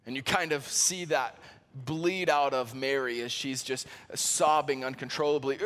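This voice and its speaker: A man preaching a sermon, rising to loud pleading peaks and dropping to hushed near-whispers, with slow emphasis on key words. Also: medium pitch, in a large hall. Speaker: pastor.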